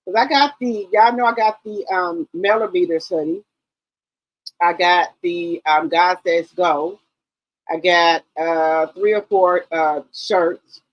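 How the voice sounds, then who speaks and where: A woman's voice: fairly low pitch, steady tone, takes it slowly, no room sound, muffled recording. A woman hosting a casual live stream, greeting viewers one by one and rambling loosely with many ums.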